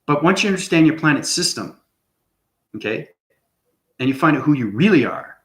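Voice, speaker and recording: A man's voice: fairly high pitch, animated, moderate pace. Rambling man in an echoey room. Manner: rambling, repeats "okay?" often. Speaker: channel host. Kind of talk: unscripted spiritual monologue.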